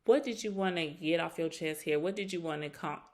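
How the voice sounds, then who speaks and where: A woman casually recapping a reality show reunion, animated and acting out quotes in a higher voice. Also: a little fast.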